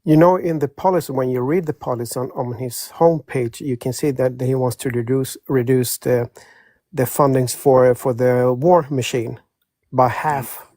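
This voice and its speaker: A man calling in to a political talk show who speaks hesitantly, halting often with fillers. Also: medium pitch, fairly even intonation, warm tone, no echo. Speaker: caller. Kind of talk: call-in discussion.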